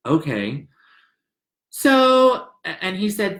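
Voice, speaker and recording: Young man from the South, confessional storytelling, slightly high voice, echoey room. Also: very animated, takes it slowly, a bit bright. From American South. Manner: earnest, emotional, rambling confessional. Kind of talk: personal story, casual retelling.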